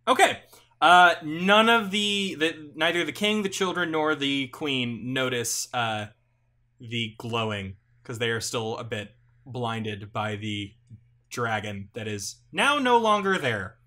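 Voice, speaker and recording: A man running a tabletop role-playing game as game master, narrating haltingly with many fillers and restarts and voicing a king. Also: mid-range voice, animated, sharp tone.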